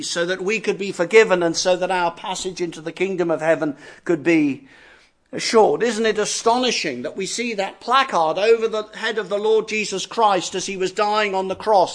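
A man preaching a sermon earnestly, slowing down to stress key phrases. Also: sits high. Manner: earnest, varied emphasis, slows down on key phrases.

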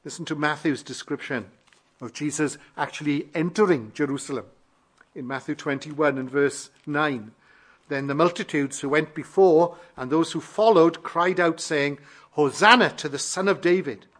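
A man delivers a sermon in a somewhat high voice. He speaks fervently, stacking phrases and swelling louder on key words. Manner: repeats and builds phrases in a measured cadence. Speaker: preacher.

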